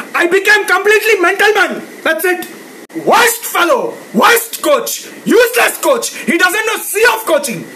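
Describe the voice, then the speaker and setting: A man with an Indian English accent, ranting angrily to camera, shouting, swearing and repeating himself with sarcastic jabs. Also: extremely high pitch, slight background noise, low-quality recording. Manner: mocking sarcastic drops. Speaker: ranting cricket fan. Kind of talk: angry rant to camera.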